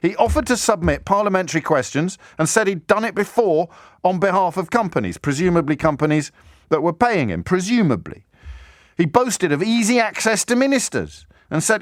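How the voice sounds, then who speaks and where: Incredulous male radio host, lively pitch. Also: moderate pace, dry recording, studio quality. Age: 50s. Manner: incredulous, indignant, sarcastic, rising to anger. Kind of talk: impassioned talk radio monologue. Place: radio studio. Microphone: studio microphone.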